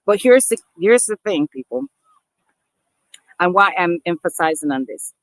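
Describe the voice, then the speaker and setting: A woman's voice: lowish voice, animated, unhurried, dry recording, low-quality recording. A woman vlogger talking earnestly to camera, emphatic and repeating herself as she addresses her viewers as people. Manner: repeats and restarts phrases. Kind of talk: casual talk to camera.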